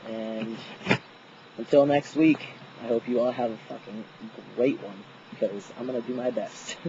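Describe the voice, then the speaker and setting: A man's voice: medium pitch, steady tone, normal speed, warm tone, highs cut off, a little hiss or hum. A young man telling a story outdoors in a casual, profane vlog, laughing often. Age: young adult. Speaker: vlogger.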